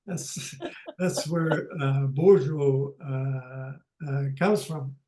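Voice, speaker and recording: An older man teaching a language lesson over a video call, speaking haltingly with many pauses and restarts. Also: mid-range voice, warm tone, reverberant, rough recording.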